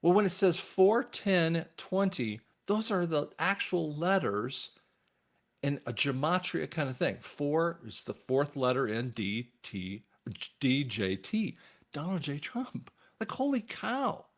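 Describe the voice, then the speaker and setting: A man's voice: on the high side, lively intonation, slow. Emphatic man preaching straight to camera. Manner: addresses viewers directly as guys. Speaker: channel host and commentator. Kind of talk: religious and political commentary monologue.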